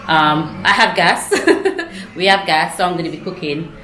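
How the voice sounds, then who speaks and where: A woman's voice: fairly low pitch, steady tone, moderate pace. A woman chatting and ranting in a casual home vlog from her kitchen. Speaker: vlogger. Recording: noisy home recording.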